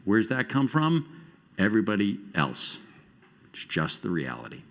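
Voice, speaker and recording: Animated man giving a conference talk. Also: fairly low pitch, vocal fry. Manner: animated storytelling with quick shifts in loudness and pace. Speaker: conference speaker. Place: conference stage before a live audience.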